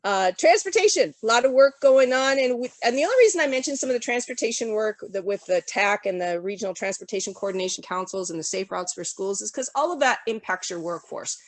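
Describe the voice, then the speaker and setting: Woman presenter, sick, rattling off updates fast in an auctioneer voice over a dry video-call mic. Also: mid-range voice, expressive, no room sound. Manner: rapid-fire auctioneer-style delivery. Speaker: regional development commission presenter. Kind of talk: briefing presentation at an online summit.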